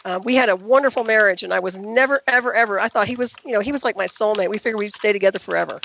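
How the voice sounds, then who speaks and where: A woman guest telling her story in an interview, talking rapidly and emphatically. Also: medium pitch, vocal fry, a bit bright, highs cut off, a little hiss or hum. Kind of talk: radio interview call.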